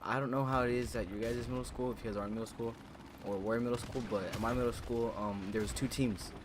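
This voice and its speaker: A young man with a mid-range, steady voice talks fast over a noisy background, casually rambling through a story from his school days. He swears often and fills his speech with fillers, like a storytime vlogger.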